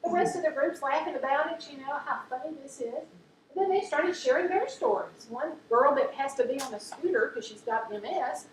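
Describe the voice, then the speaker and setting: A woman giving an earnest, faith-based talk to a group, telling stories warmly. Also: high-pitched, animated, brisk. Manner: warm storytelling, earnest, laughs at funny stories. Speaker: speaker at a talk on chronic illness. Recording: echoey room, mic at a distance, faint background noise.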